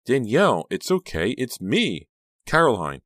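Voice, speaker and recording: A man voicing a calm teenage girl comforting her friend, with a soft, reassuring murmur. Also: lowish voice, normal speed, no echo, studio quality, pitched above the performer's own voice. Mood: soothing.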